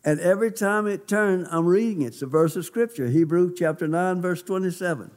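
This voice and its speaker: Male pastor, slightly high voice, emphatic folksy testimony from the pulpit. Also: a little fast, darkish tone. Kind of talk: sermon testimony.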